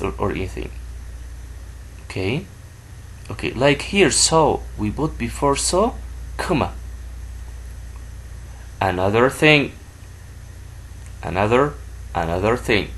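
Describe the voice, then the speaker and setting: A man teaching a grammar lesson to children, who repeats words slowly for a pupil to say back. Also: medium pitch.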